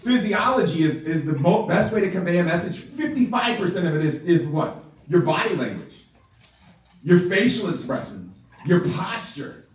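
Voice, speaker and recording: A man giving a live sales training talk to a group, animated, laughing often and checking in with his listeners. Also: sits high, moderate pace. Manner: animated, keeps checking in with the audience; laughs often while talking. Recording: very echoey room, far from the mic.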